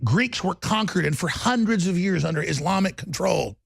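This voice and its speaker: A male talk show host delivering a loud, rambling monologue with a gravelly voice, bursting into shouting. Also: sits high, lively intonation, moderate pace, dry recording. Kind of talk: ranting monologue.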